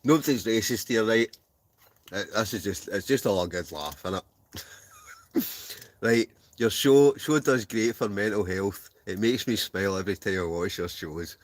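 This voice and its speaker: A man's voice: on the low side, normal speed. A Scottish man hosting a casual live stream from a heated camping tent, bantering and laughing as he reads out viewer messages. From Scotland.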